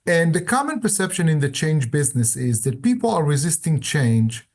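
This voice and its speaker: Animated older male storyteller. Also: on the high side, moderate pace. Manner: animated storyteller, acts out dialogue. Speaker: guest author. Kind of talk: storytelling interview answers.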